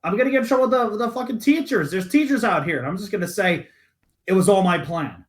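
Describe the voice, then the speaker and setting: Casting: young male podcaster, high-pitched, animated, swears freely while recounting a school story. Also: fast talker. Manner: animated, profane, acts out quoted voices. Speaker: podcast co-host. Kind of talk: casual storytelling chat.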